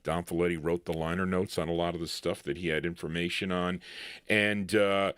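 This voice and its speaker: A man hosts a live oldies record show, chatting casually between songs, rambling along and correcting himself as he goes. His voice sits low with little pitch movement, moves fairly quickly, and sounds a bit bright, clear and resonant, with no room sound.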